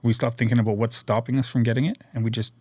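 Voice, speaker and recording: Guy on a podcast telling his story, lively and earnest, mid voice, dry close sound. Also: mid-range voice, rapid-fire, dry recording. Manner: energetic, earnest storyteller who acts out quotes. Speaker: podcast guest. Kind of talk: personal storytelling interview.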